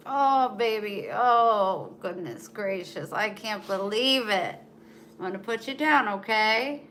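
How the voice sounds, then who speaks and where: A woman's voice: medium pitch, unhurried, sharp tone, a little hiss or hum. A woman chatting casually on a live stream at home, talking to viewers and cooing to her dog in baby talk. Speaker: vlogger.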